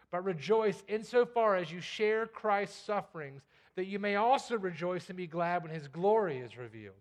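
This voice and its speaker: A pastor preaching a sermon with emphasis, often repeating key lines and checking in with his listeners. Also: high-pitched. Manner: emphatic, repeats key lines, asks the congregation "You get that?".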